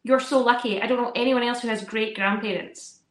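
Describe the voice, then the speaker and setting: A woman in her thirties chatting casually as a podcast co-host, telling animated stories and acting out her kids' voices. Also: fairly high pitch, a little fast, reverberant. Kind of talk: casual chat.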